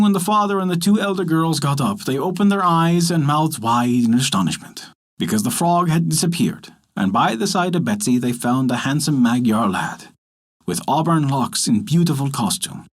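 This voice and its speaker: A man telling a folk tale as a podcast storyteller, in gentle, expressive scripted narration. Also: fairly high pitch, moderate pace.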